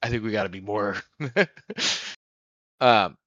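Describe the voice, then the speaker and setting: A man's voice: on the low side, slow pace, pushed and bright, no echo, lo-fi sound. A man chatting casually as a player in a tabletop game, joking, laughing often and swearing freely.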